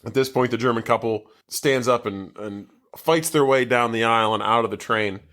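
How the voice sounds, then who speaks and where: In a basement, a man co-hosting a casual podcast recaps a movie, rambling loosely and using lots of fillers. His mid-range voice is a bit bright, and he speaks at a normal speed.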